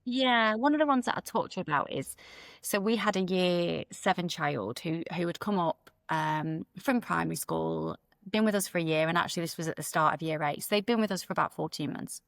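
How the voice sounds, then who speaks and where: Woman, middle-aged, lowish pitch, dry close sound, earnest frank interview talk. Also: brisk, creaky, no room sound. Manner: earnest, frank, repeats words as she talks. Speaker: school executive principal, podcast guest. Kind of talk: conversational interview storytelling.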